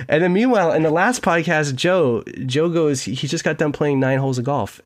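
A man's voice: a little high, fairly quick. A young man from the Seattle area, co-hosting a podcast in casual, joking, rambling chat. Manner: rambling, joking, animated storytelling. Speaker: podcast co-host.

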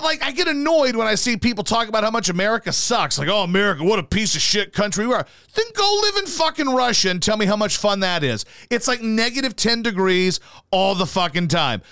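A man in his thirties hosts a casual podcast, ranting emphatically with plenty of swearing as he shares his opinions. His voice is high-pitched and sharp yet clean, with no echo.

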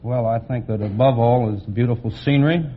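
A man's voice: medium pitch, fairly quick, phone-quality sound. A man from Denver answering a quiz show host politely and a little hesitantly. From Denver, Colorado.

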